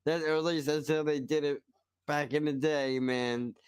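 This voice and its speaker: A man's voice: fairly high pitch, fairly even intonation, moderate pace, smooth, no echo, studio quality. A man hosting a stream, reacting to a cooking video with profane, mock-outraged ranting. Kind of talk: casual reaction commentary.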